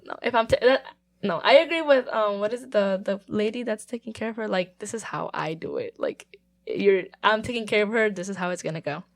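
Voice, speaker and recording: A woman's voice: medium pitch, brisk, vocal fry. A woman co-hosting a podcast, chatting casually with lots of restarts and giggles. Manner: rambling, many "like"s and restarts, giggly. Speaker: podcast co-host. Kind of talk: casual chat.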